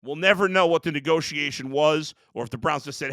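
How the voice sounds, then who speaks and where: A man's voice: a little high, fairly quick, pushed and bright, dry recording, clean studio sound. A man hosting a sports show, ranting in a heated, exasperated way about his team. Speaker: sports talk host. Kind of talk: sports rant.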